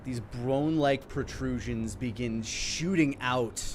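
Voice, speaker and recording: A man's voice: medium pitch, slow pace, a little hiss or hum. A man running a tabletop horror game as game master, describing scenes loosely with fillers and restarts.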